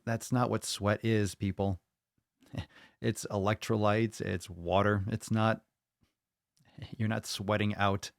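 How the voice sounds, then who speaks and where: An American man with a low, gravelly voice hosts a casual live-streamed podcast, loose, profane, and hyped. He repeats phrases often, and the sound is close and dry with no room sound.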